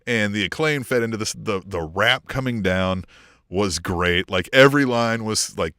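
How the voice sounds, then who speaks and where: A man's voice: lowish voice, normal speed, pushed and bright, clean tone, no room sound, studio quality. A man co-hosting a wrestling podcast, chatting casually, swearing freely, laughing often and acting out voices of the people he talks about. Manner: profane, laughing, acts out quoted voices. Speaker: podcast co-host.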